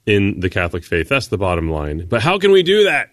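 A man's voice: fairly low pitch, wildly swooping pitch, a little fast, fairly bright tone, no echo, clean studio sound. Earnest man wrapping up a show. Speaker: show host. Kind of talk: radio host wrap-up.

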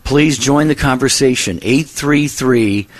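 A man co-hosting a faith-based call-in radio show, calm and consoling, often saying "you know". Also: medium pitch, measured pace, no echo.

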